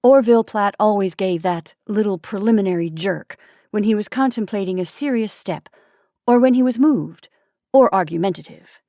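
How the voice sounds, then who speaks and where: Storytime host, expressive measured reading, mid-range woman's voice, dry close sound. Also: medium pitch, dry recording. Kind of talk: reading a classic short story aloud.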